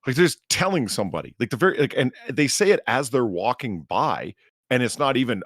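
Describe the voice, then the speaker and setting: A man co-hosting a live-stream podcast, ranting in an animated, profane way. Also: mid-range voice, brisk, no room sound, clean studio sound. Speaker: podcast co-host. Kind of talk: casual live-stream chat.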